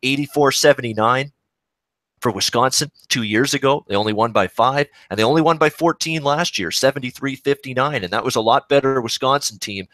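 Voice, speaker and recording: A man's voice: medium pitch, a bit bright, no echo. Male betting analyst, methodical co-host read, dry close sound. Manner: measured, methodical breakdown of numbers.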